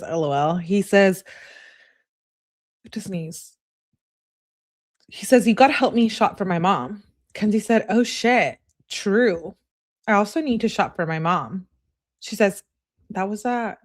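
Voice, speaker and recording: A woman host reading text messages aloud and commenting on them in a sassy, casual way, often laughing and talking back. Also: medium pitch. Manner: sassy, laughs and talks back to what she reads.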